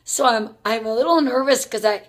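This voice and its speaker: A woman's voice: a little high, a little fast. A middle-aged woman from Brooklyn, telling a personal family story in a chatty, rambling way, full of "like" and "you know.". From Brooklyn, New York.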